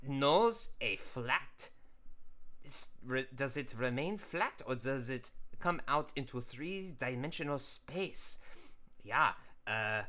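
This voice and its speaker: Unhurried, lively male host, casual drawing commentary, lots of filler words. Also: medium pitch. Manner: rambling, with many fillers and self-corrections.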